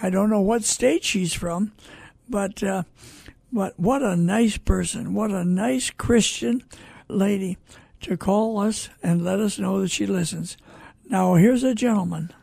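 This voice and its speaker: Gravelly older man hosting radio. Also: sits high, no room sound. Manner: slow, warm-hearted, preacherly asides. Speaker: radio host and network founder. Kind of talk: folksy radio commentary.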